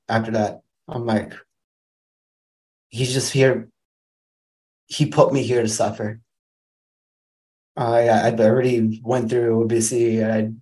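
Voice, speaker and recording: A man's voice: mid-range voice, dark tone. A young man from Wisconsin, a podcast guest, tells a personal story in a casual, rambling way, full of restarts. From Wisconsin, USA.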